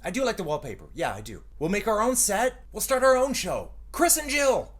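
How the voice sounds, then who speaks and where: A man's voice: high voice, sing-song, a little fast, pitched above the performer's own voice. A man voicing a brash, self-absorbed woman co-host in a comedy sketch, talking in a dramatic, flustered, gossipy way. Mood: indignant.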